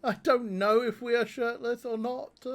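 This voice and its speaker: Slow-talking man reading a text game. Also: very high voice, fairly bright tone. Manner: laughs often, reads options aloud, amused. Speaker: streamer. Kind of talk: live-streamed text game, reading aloud.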